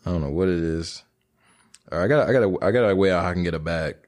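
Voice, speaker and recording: A man's voice: low voice, fast talker, darkish tone. A young man from Michigan hosting a casual solo podcast, rambling and joking in crude slang. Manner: breaks into silly freestyle rap bits. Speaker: podcast host.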